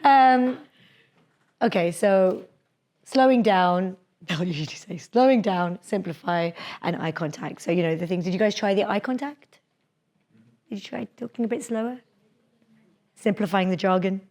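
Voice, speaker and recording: A young adult woman leading a live public speaking workshop in a lecture room, talking in a lively, chatty way and laughing often. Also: medium pitch, normal speed, pauses often.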